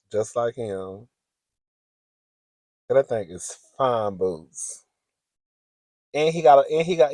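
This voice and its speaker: A man's voice: medium pitch, a little mellow, dry recording. A man vlogging in a sassy, giggly gossip chat, calling the audience "girl" often. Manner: chatty, sassy, giggly, says "girl" a lot.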